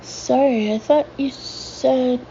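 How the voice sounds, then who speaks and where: A woman's voice: sits high, fairly even intonation, takes it slowly, dark tone, lo-fi sound, slight background noise, voice pushed up. A woman voicing a chatty woman tourist. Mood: surprised. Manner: chatty, easily surprised. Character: chatty, friendly middle-aged woman tourist.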